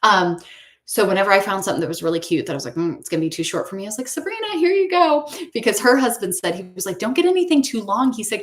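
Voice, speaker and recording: A woman's voice: on the low side, fairly bright tone. Chatty woman who laughs often. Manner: chatty, laughs often, reads viewer comments. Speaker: host of a prayer livestream. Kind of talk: casual chat. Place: home.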